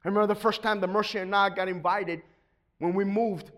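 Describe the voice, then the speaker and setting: A middle-aged man delivers a sermon in a fairly high voice. He moves between calm, steady explanation and sudden loud, shouted bursts of preaching. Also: brisk. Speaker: pastor.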